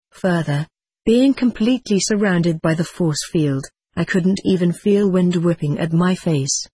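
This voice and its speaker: An audiobook narrator giving an even, steady first-person reading. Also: mid-range voice, husky, dry recording.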